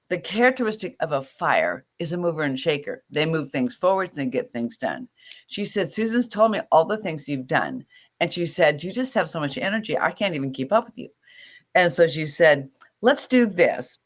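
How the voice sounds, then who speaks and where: Lively low-voiced woman telling stories. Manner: animated storyteller, laughs often, acts out quoted voices. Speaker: image stylist and guest. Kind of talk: storytelling in a casual interview.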